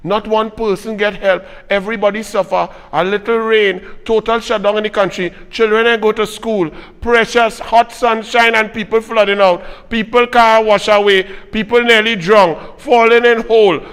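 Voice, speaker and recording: A man's voice: high-pitched, fairly even intonation, moderate pace, hardly any pauses, a bit bright, clean tone, in a large hall. A man with a Trinidadian accent hosting a political commentary show, ranting in a fiery, mocking way and hammering his points home again and again.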